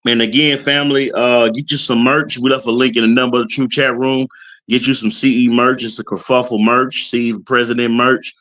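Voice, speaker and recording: Male stream host, mid-pitched, casual, hesitant filler-heavy delivery. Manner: relaxed, halting, many fillers. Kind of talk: casual live stream chat.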